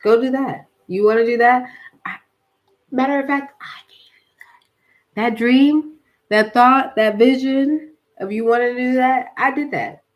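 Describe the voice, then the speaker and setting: A woman's voice: a little high, expressive, measured pace, pitched above the performer's own voice. A woman voicing God as a male deity who coaxes and urges with repeated pleas. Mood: urging.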